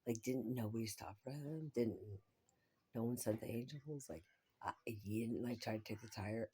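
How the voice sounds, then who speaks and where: A woman's voice: rumbling low, moderate pace, mellow, husky. A woman vlogging in a rambling, profane monologue, often dropping to a whisper.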